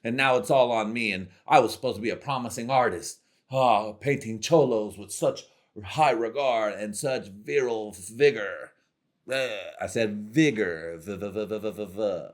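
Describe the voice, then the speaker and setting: A young man hosts a comedy show, his voice sitting on the lower side. He rambles through a profane monologue, swearing freely and laughing at his own jokes. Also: unhurried. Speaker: comedy podcast host.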